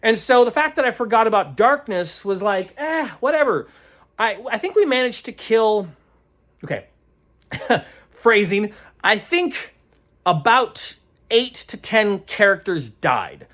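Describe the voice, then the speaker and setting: A man's voice: high voice, sing-song, measured pace, fairly bright tone. Man, game master type, loose rambling recap, stops to hunt for the right word, chuckles a lot. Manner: rambling, searching aloud for words; chuckles often. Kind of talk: casual vlog recap.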